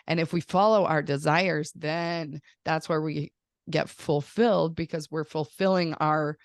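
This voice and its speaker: A woman who is a mother, hosting a podcast in casual chat, talking fast with lots of "like" and animated storytelling. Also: deep voice, no echo, clean studio sound. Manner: chatty, says "like" often, animated storytelling. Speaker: podcast host; mother of young children.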